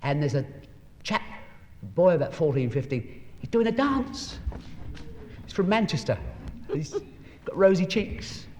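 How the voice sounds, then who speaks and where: A man's voice: fairly high pitch, sing-song, a little slow, long pauses, a little mellow. Middle-aged man telling stories on stage. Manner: chatty, storytelling, with asides and chuckles. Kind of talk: anecdotal stage talk and poem reading. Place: hall with a live audience. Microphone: stage microphone. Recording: echoey hall, faint noise.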